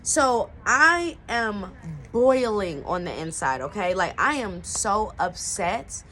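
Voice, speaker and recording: A woman's voice: medium pitch, very animated, slow pace, bright, forceful tone, slight background noise. A young woman telling a personal story in a casual, slangy style, full of "like" and "you know what I'm saying.". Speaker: storyteller vlogger.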